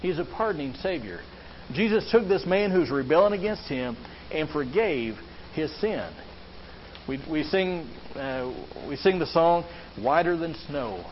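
A man's voice: on the high side, expressive, unhurried. A man preaching a sermon as a pastor, earnest, often asking the listeners questions. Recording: slightly dull lo-fi sound with faint background hiss.

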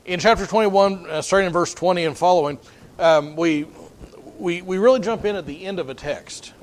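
High-voiced man preaching a folksy sermon. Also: normal speed. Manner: folksy, conversational, storytelling with frequent restarts.

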